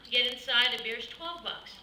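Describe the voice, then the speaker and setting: A brash woman from Massachusetts works the crowd during a stand-up set in a comedy club, her fairly high voice brisk, pushed and bright. The recording is noisy and echoey, captured from far off, with the club audience audible behind her.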